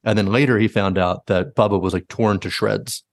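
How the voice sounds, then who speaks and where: A man's voice: fairly low pitch, moderate pace, vocal fry, no room sound, clean studio sound. A man hosting a podcast, animatedly retelling stories in casual chat and leaning heavily on "like". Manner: animated retelling, heavy use of "like". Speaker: podcast host.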